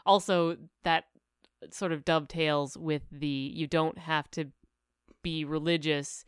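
A woman co-hosting a casual book podcast, relaxed and affirming as she chats. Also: deep voice, takes it slowly, smooth, dry recording, clean studio sound. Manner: relaxed, frequent affirming listener. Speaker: podcast co-host.

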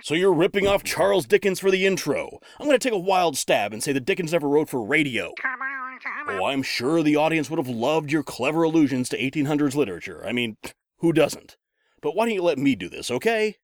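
A man's voice: fairly high pitch, animated, fairly quick, no echo, studio quality. A man narrating a comedy show, exasperated and sarcastic. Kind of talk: comedic narration and phone-call bit.

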